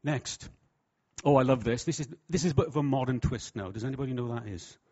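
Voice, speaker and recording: A man preaching a sermon with humour, lively and jokey, slipping into voices for quotes. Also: medium pitch, fast. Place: church hall. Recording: dull, lo-fi sound.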